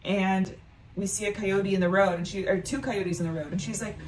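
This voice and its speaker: A woman's voice: mid-range voice, fairly quick. A young woman in her twenties, a stand-up comedian from North Carolina, telling a funny story in a casual vlog and acting out her family's voices. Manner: animated, acts out voices of family members.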